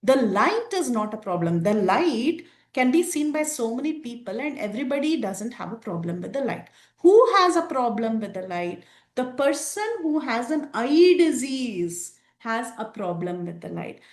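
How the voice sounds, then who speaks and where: A woman's voice: fairly high pitch, sing-song, normal speed. A woman teaching a scripture class, explaining verses and asking the listeners rhetorical questions. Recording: roomy echo.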